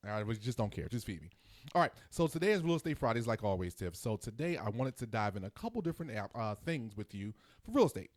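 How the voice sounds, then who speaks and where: A man in his forties hosting a casual podcast chat, ranting in an animated way and mimicking others in quick asides. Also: lowish voice, dry recording, clean studio sound. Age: 40s. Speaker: host.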